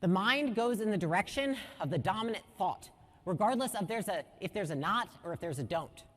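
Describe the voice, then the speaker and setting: A woman in her thirties giving an energetic business workshop, blunt, swearing casually and asking her audience questions. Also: mid-range voice, brisk, big-room sound. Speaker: business speaker teaching a workshop.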